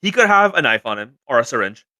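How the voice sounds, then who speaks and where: Guy cohosting a car podcast, casual chat, cusses a lot, bright tone. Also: medium pitch, quick pace, no echo. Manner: animated storytelling, swears freely. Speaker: podcast co-host, car shop owner.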